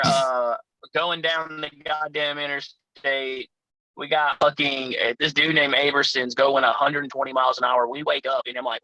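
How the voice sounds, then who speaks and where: A man's voice: on the high side, pushed and bright, no echo, rough recording. A man telling profane, rowdy road stories in a casual chat as a guest. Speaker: pro wrestler guest.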